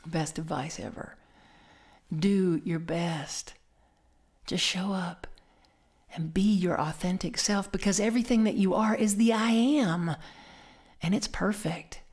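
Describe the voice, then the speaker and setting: A woman minister giving a conversational sermon, telling stories in an animated way and dropping to soft whispers for emphasis. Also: lowish voice, takes it slowly, pauses often, breathy edge.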